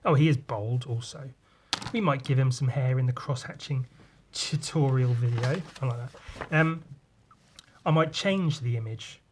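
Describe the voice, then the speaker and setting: A man's voice: medium pitch, a little slow, darkish tone, a little hiss or hum. A man, hosting a podcast, rambling casually about drawing and swearing freely. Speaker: podcast host and comic artist. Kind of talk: casual chat.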